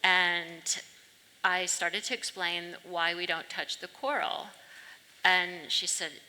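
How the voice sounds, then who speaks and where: A woman's voice: fairly low pitch, steady tone, takes it slowly, sharp tone. A woman speaking on a panel, telling a story from her own work in an earnest way. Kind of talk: panel discussion, anecdote. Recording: reverberant hall.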